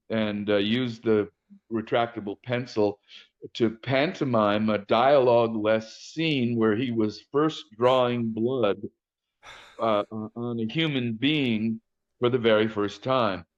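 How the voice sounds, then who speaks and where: A man's voice: lowish voice, lo-fi sound. An older man speaking as a casting director guest in an interview, telling frank stories with frequent hesitations and restarts. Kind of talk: interview conversation.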